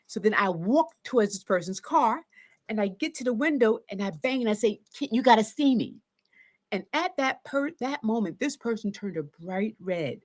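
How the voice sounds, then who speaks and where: Animated woman telling a story. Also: mid-range voice, normal speed. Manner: animated, acts out her own shouts and self-talk. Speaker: therapist. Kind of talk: casual storytelling to camera.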